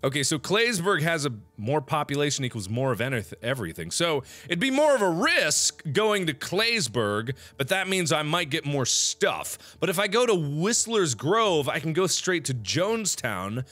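Guy playing a zombie game, high lively voice, yelling then mumbling, game music going loud behind. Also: moderate pace, hardly any pauses. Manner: excitable, loud outbursts and mumbled planning. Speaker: gaming video host. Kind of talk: let's play commentary.

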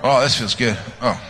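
With a medium-pitched, pushed and bright voice, an American guest preacher tells playful, rambling personal stories in a joking sermon, chuckling at his own jokes. It was captured in a large church sanctuary, so long hall reverb and music surround him.

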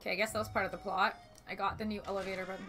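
A woman streaming a video game, chatting casually, swearing freely and breaking into sudden loud exclamations. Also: mid-range voice, level tone, rapid-fire, faint music behind. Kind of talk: casual gaming commentary.

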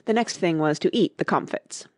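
A woman reading a classic children's storybook aloud as narrator, with expressive, lively storytelling. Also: on the low side, normal speed, dry recording, studio quality. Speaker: audiobook narrator.

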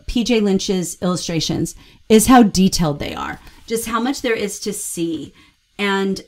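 Enthusiastic woman reviewing children's books. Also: mid-range voice. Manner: enthusiastic, expressive, gushing about books. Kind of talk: casual book review with read-aloud tips.

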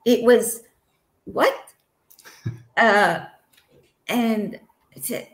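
A woman from Egypt in her forties, telling her personal near-death story as an interview guest, earnest and searching, with quick giggles and restarts. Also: on the high side, steady tone, roomy sound, rough recording. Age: 40s. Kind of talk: emotional personal testimony.

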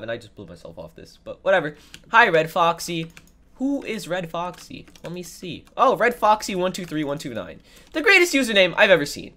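A woman's voice: low voice, big pitch swings, fairly quick, a bit bright. A woman giving sarcastic, dramatic gameplay commentary while sick, her voice nasal and congested. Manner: sarcastic, exclaiming, dramatic mock complaints. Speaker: gaming video creator.

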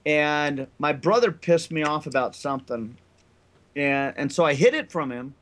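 A man with a slightly high voice chats on a gaming podcast. He tells his childhood stories with energy and acts out other people's lines in a loud voice. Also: animated, moderate pace. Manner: storytelling, acts out quotes loudly. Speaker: podcast co-host. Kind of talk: casual group chat.

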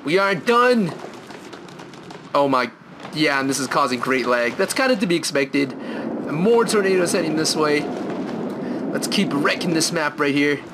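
A young man commentating on a video game from his room at home, excitable and rambling, now and then breaking into snatches of song. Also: on the high side, normal speed, background noise. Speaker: gameplay commentator. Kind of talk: gameplay commentary.

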